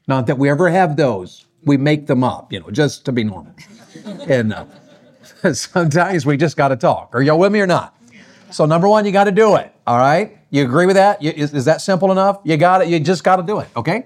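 A man's voice: fairly high pitch, animated, moderate pace. A middle-aged man preaching a sermon on marriage, folksy and often asking his audience questions. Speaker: pastor.

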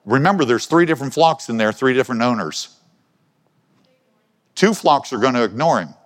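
Preacher with long hall reverb. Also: male voice, medium pitch, lively intonation, normal speed. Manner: conversational, asks the congregation questions. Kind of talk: sermon. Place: church hall.

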